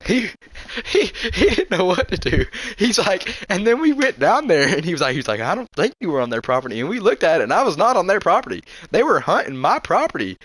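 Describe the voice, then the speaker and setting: A man's voice: high voice, slightly rough, no room sound. A young man, casually telling hunting stories with frequent laughs and restarts. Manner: animated, laughs often, quick restarts. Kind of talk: casual storytelling.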